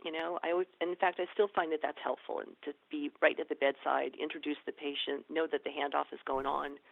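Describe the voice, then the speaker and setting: Woman nurse guest, gravelly voice, tinny phone-like line, animated storytelling. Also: low-pitched, fairly quick, dry recording. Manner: lively, animated storyteller acting out quoted dialogue. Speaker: ER nurse and educator, podcast guest. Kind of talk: conversational storytelling interview.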